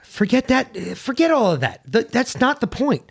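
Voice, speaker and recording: A man's voice: very high voice, sing-song, moderate pace. A man co-hosting a casual opinion podcast, talking bluntly and emphatically and swearing freely. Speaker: podcast co-host.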